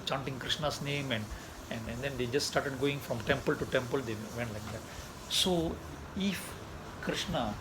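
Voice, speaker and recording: A man telling a story in a sermon, animated, acting out voices and laughing often. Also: fairly high pitch. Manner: animated, mixes Tamil and English, acts out voices, laughs often. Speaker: preacher. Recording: noisy ambience behind.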